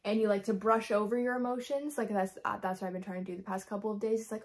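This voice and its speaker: A woman talking candidly in a personal faith vlog, her voice tired and worn, soft and halting with many fillers. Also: medium pitch, fairly even intonation. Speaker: faith vlogger.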